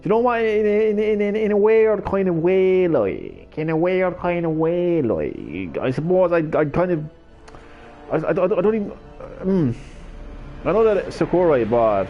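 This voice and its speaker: With faint music behind him, this live streamer speaks in a high, sing-song, unhurried voice. He rambles to his viewers, stammers, and swears casually, lurching from hyper to drowsy, all in slightly dull lo-fi audio.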